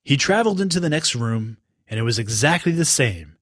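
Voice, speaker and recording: A man narrating a children's story in an expressive, unhurried way. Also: medium pitch, no echo, studio quality.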